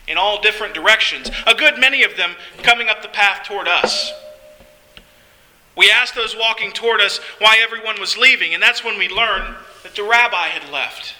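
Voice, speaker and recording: A man's voice: sits high, pushed and bright, poor audio. A man narrating a first-person story in an earnest, heartfelt way.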